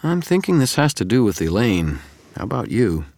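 A man voicing a calm, knowing male double of the hero, probing and wry, in an audiobook. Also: on the low side, normal speed, no echo, voice pushed up. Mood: coaxing. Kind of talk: audiobook character reading.

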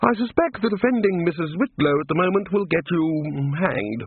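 A man's voice: fairly high pitch, expressive, normal speed, husky, no echo, voice pushed up. A man putting on a pompous old wizard chancellor. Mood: dryly amused. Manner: hearty, dry and long-winded. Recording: narrow phone-like band.

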